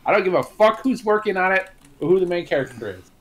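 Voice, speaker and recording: A high-pitched man co-hosting a casual podcast. He rants bluntly and swears heavily. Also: animated, quick pace, a bit bright. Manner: blunt, heavy swearing, ranting. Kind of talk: casual chat.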